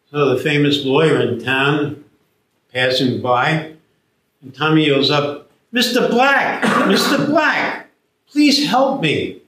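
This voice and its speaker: Male preacher, storytelling homily, unhurried delivery, distant echoey church sound. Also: a little high, fairly bright tone. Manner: storytelling, acting out the characters' voices. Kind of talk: sermon.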